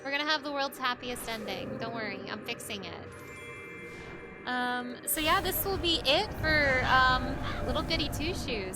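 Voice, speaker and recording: A woman's voice: high-pitched, normal speed. A woman streaming a game, chatting playfully with her viewers and giggling often. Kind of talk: casual gaming commentary. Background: game music.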